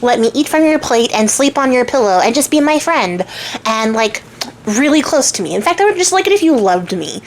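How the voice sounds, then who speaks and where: A little talking frog from a spoken fairy tale, chatty and smooth as he names his price, put on by a woman storyteller. The voice sits a bit high, with a faint hiss behind it. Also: big pitch swings, a little fast. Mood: coaxing. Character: small male talking frog, smooth bargainer.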